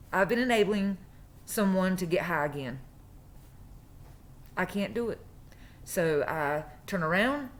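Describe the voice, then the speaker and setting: A woman, telling a personal story in a casual, emphatic way and repeating phrases for stress. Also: medium pitch. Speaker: true crime vlogger.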